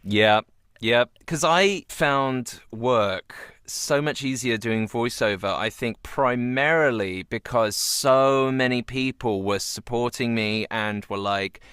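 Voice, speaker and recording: An enthusiastic male host chatting in a casual interview, his voice bright and crisp. He sounds gushing and lively, recorded dry and close with no room around him. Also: mid-range voice, slow pace, no room sound. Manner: enthusiastic, effusive, slips into quoted voices. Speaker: podcast host.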